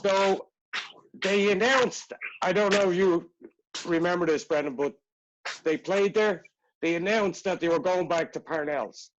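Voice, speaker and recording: A man's voice: sits high, measured pace, muffled recording, a little hiss or hum. A man from Ireland, a pub owner spinning a rambling bar story as a podcast guest. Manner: rambling, chatty yarn spinner. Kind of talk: casual storytelling.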